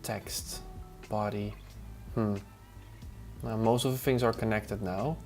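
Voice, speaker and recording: Low guy muttering to himself while he clicks through stuff live, chill music faint behind. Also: takes it slowly. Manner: muttering to himself, answering chat between tasks. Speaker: live streamer testing design software. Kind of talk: casual live stream, thinking aloud while working. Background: relaxed music playlist.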